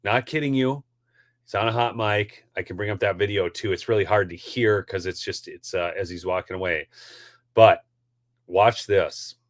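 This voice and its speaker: A man's voice: lowish voice, moderate pace, no room sound. A man hosting a live political commentary show, heated and ranty, often calling his audience "folks". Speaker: host.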